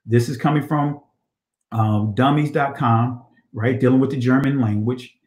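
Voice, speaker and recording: A man giving a scripture study lecture, with a voice of ordinary middle pitch. He reads passages aloud, then asks the listeners rhetorical questions and checks in with "all right?" The sound has a noticeable echo, as in a bare room. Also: fairly even intonation, moderate pace, darkish tone. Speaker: teacher of ancient Hebrew.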